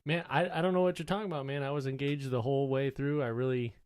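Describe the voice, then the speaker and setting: A man's voice: mid-range voice, fairly even intonation, quick pace, a crowd in the background. A man guest on a casual podcast who tells his story in a rambling way, full of fillers and asides.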